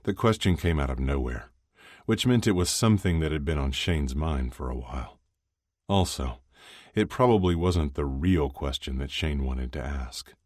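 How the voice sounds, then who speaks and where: A man narrates a story in a steady, even storytelling delivery. His voice is extremely low and deep. The recording is close and dry, with no room sound. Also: moderate pace, no room sound. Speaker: audiobook narrator. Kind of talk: scripted narration.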